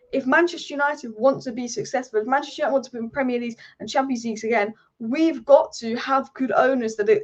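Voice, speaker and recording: Passionate woman ranting fast on a live stream. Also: fairly high pitch, lo-fi sound. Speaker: football channel host. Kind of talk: live-streamed football talk.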